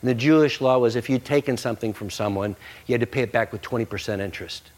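A man's voice: medium pitch, fast. A man preaching a sermon, conversational and joking with the congregation. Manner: animated, conversational, jokey. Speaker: pastor.

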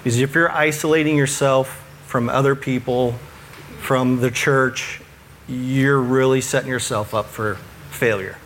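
A man speaks in an earnest, conversational way, offering faith advice drawn from his work with churches. His voice sits at an ordinary middle pitch, and he pokes fun at himself with an occasional chuckle. A faint hiss of background noise lies under the talk. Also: steady tone, measured pace, fairly bright tone. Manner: earnest, self-deprecating, chuckles at his own stories. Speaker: church ministry worker.

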